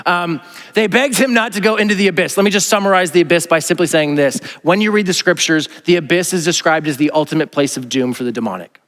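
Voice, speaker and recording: A man's voice: fairly high pitch, fast, fairly bright tone. A male pastor preaching a sermon in a conversational, joking way, often acting out quotes. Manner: conversational, jokey, acts out quotes in a raised voice. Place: large church sanctuary. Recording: long hall reverb.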